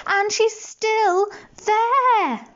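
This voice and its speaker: A woman doing a squeaky, wailing baby bear. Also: a bit bright, highs cut off, exaggerated voice. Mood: plaintive. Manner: very high, slow, wailing. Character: little baby bear, plaintive.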